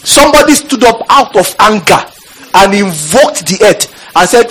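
A man preaching a fiery sermon in church, shouting out scripture and calling on the congregation. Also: high-pitched, sing-song, moderate pace, poor audio.

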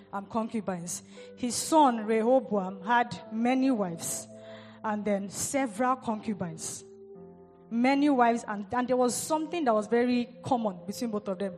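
Woman preacher, fairly high voice, emphatic repetition, echoing hall, faint music behind. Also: a little mellow. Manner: repeats and stresses key words, rising emphasis. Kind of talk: sermon.

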